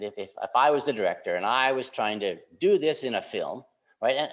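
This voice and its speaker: A male pastor giving a relaxed, conversational sermon, often checking in with the congregation by asking "right?". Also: medium pitch. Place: church sanctuary. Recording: slightly muffled church recording.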